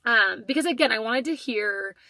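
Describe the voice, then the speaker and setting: A woman in her thirties hosting a podcast, telling a personal story in a casual, animated way with lots of fillers and quoted back-and-forth. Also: on the high side, moderate pace, no echo. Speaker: podcast host.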